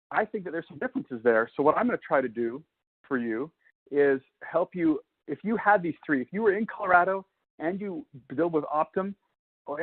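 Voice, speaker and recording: Male presenter, conversational lecturer, husky tone, tinny phone-quality audio. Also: fairly high pitch. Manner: conversational, explains step by step with fillers. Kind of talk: webinar lecture.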